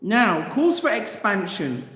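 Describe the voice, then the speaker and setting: A woman's voice: mid-range voice, big pitch swings, slow pace, a bit bright. A woman hosting a channel, reading out a news item and reacting with passionate, indignant commentary full of rhetorical questions. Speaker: channel host. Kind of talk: casual commentary. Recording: echoey room with long reverb.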